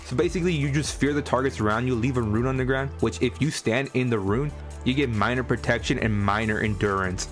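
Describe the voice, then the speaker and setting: Chatty guy walking through a game build, excited, chuckles a lot, medium pitch, faint music behind. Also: brisk. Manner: enthusiastic, chatty, chuckling often. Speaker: gaming content creator. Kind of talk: casual game build guide voice-over.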